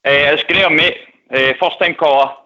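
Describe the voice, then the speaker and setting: Blunt caller with an Edinburgh accent. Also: male voice, a little high, fairly even intonation, normal speed, bright, forceful tone. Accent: Scottish, Edinburgh. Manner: questioning, blunt. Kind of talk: casual radio phone-in. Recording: lo-fi phone-in audio.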